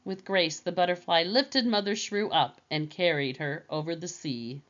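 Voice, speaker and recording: A woman narrating a children's storybook in a slow, gentle reading manner. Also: lowish voice, dull audio.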